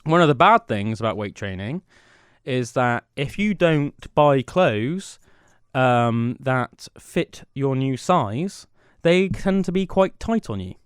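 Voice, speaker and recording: A man's voice: mid-range voice, animated, slow pace, clean tone, no room sound, studio quality. A young man, co-hosting a podcast as a rambling, self-mocking storyteller. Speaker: podcast co-host. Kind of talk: casual chat. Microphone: studio mic.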